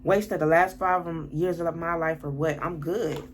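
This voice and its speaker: A woman's voice: low-pitched, fairly even intonation, a little slow, slight background noise. A woman telling a storytime vlog, reading text messages aloud, blunt and exasperated, swearing often. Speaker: lifestyle vlogger.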